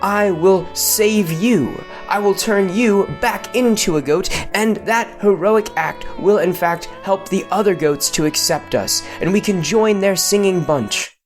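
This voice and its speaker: A man's voice: high-pitched, measured pace, hardly any pauses, soft background music, pitched above the performer's own voice. An earnest young billy goat, as a man voices him.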